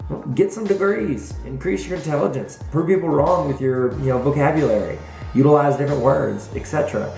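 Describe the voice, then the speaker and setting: A man's voice: on the high side, a little fast, creaky, a little mellow. A man with a Southern US accent, a school principal answering viewer questions in a playful, rambling, self-mocking way. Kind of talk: casual Q&A vlog. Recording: echoey room with faint music.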